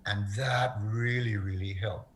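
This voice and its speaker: Speaking with a fairly low pitch and a steady tone, a middle-aged man recounts a personal story as a guest in an interview. He is earnest and halting, and his voice breaks with emotion.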